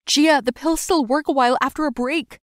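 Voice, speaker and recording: Woman voicing a fretful young man, high and loud, rapid worried questions. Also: no echo, clean studio sound. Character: anxious young man, fussing and worried friend.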